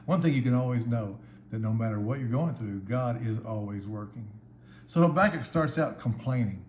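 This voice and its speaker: A man's voice: medium pitch, lively intonation, moderate pace, a little mellow. A man giving a short devotional Bible talk as a church minister, speaking in an earnest, conversational way. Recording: echoey room with faint background hum.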